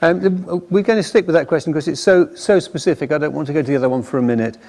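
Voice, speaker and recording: A man's voice: on the high side, racing, a little mellow. A man moderating a live panel discussion, polite and jokey. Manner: jokey, polite, self-deprecating.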